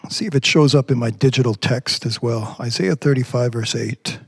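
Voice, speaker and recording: A man preaching a sermon as pastor, reading scripture slowly and climbing in pitch when he presses a point. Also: slightly rough. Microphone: remote stream from a device on batteries.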